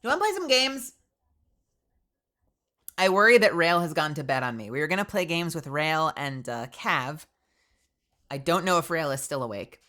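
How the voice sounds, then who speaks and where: Young woman, low bright voice, stuffy nose, rambling casual stream chat. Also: moderate pace. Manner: chatty, rambling, animated, fillers of "like". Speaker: VTuber streamer.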